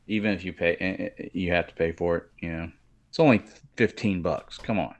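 A man's voice: sits low, steady tone, fairly quick, dull audio. A man co-hosting a travel podcast, teasing the others and often restarting his words. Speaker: podcast co-host. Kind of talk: casual chat.

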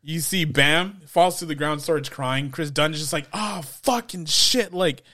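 In studio quality with no room sound, this podcast co-host speaks at a moderate pace in a high-leaning voice that is steady, bright and forceful. He's a man chatting casually, rambling with plenty of laughter and performed quotes.

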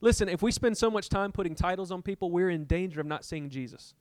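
A man's voice: high voice, quick pace, no echo. A middle-aged man preaching a sermon as pastor, telling a personal story and acting out his arguments with God, building to impassioned peaks.

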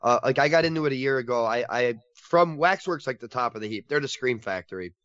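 A man co-hosting a casual podcast, talking with excitable enthusiasm and laughing often. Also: medium pitch, fast talker, smooth, no room sound, lo-fi sound. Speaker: podcast co-host covering horror collectibles.

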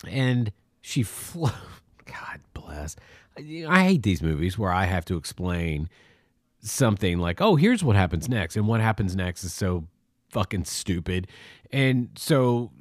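A man's voice: lowish voice, measured pace, no echo, studio quality. A man on a podcast casually recapping a movie, laughing often and grumbling about its plot. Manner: lively, laughs often, exasperated. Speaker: podcast co-host.

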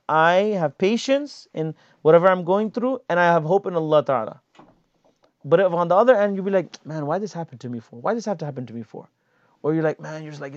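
A man giving a casual, animated religious lesson, explaining hadith and acting out everyday complaints. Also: a little high, no room sound. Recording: dull lo-fi sound.

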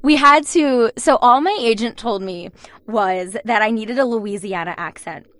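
A woman's voice: on the high side, unhurried, a bit bright, no room sound. A young woman in her twenties, a voice actor telling stories in a casual interview, chatty and often laughing. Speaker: voice actor guest.

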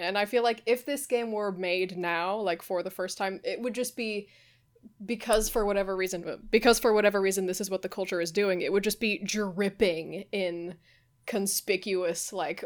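Young woman, podcast co-host, casual and rambling, drops swears, medium pitch. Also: fairly even intonation, brisk. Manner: swears freely, rambling with restarts. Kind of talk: casual chat.

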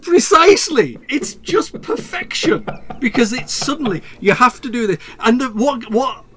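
A man's voice: very high voice, animated, normal speed, a bit bright. A man enthusing about a film in casual conversation, rambling with restarts and laughs.

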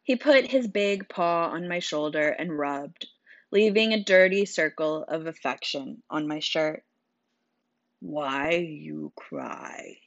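Low-pitched woman narrating wryly. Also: expressive, a little slow, no room sound. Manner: wry, dry first-person telling. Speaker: audiobook narrator. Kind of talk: storybook narration. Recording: dull, dry sound.

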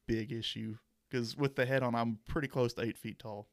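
A man's voice: medium pitch, fairly even intonation, normal speed. A young man, a university mascot performer, chatting as a guest in an easygoing, rambling way. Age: young adult. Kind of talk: casual interview chat.

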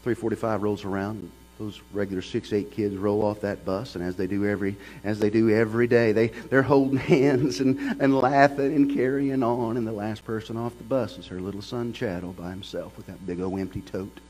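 A man's voice: lowish voice, fairly even intonation, moderate pace, few pauses, a little mellow, a little hiss or hum, low-quality recording. A middle-aged man, a pastor preaching a sermon as a folksy storyteller. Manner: folksy storyteller who builds to passionate preaching.

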